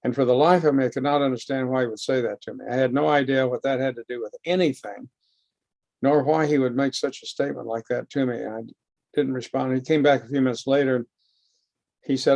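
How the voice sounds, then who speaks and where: Man telling his own recovery story at a lecture, gravelly voice, close dry sound, slow and heartfelt. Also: medium pitch, steady tone, a little mellow, no echo. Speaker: guest speaker. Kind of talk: personal recovery testimony. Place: lecture hall.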